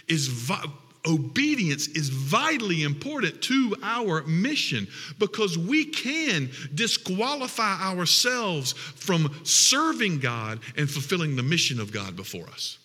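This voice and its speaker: A man's voice: fairly high pitch, very animated, slow, sharp tone, husky, in a large hall. A man preaching a sermon as pastor, repeating phrases for emphasis.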